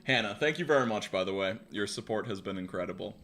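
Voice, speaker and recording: A man's voice: fairly low pitch, expressive, quick pace, a bit bright. A man in his twenties hosting a live stream, chatting casually in slang and swearing freely as he reacts to forum posts. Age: 20s. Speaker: livestream host reading forum posts.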